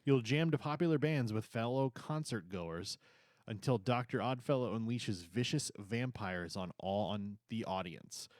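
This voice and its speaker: Enthusiastic lower-voiced man chatting. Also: animated, measured pace, darkish tone, dry recording, clean studio sound. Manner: enthusiastic, rambling, stumbles over words. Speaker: co-host reviewing theme park events. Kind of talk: casual chat.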